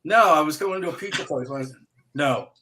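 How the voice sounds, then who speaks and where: A man's voice: a little high, lively intonation, fairly quick, bright, forceful tone. A man co-hosting a casual podcast, rambling through a funny anecdote with swearing and quoted voices. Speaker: podcast co-host. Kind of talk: casual chat, storytelling.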